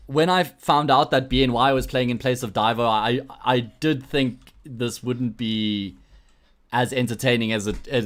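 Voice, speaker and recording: Bantering South African esports caster. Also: male voice, mid-range voice. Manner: jokey, rambling banter with frequent restarts. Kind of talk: solo livestream commentary, chatting with viewers.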